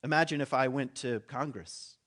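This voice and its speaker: A man's voice: medium pitch, moderate pace, a bit bright. A man preaching a sermon in a conversational way, acting out the voices of the people in his story and dropping his voice for asides. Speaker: pastor.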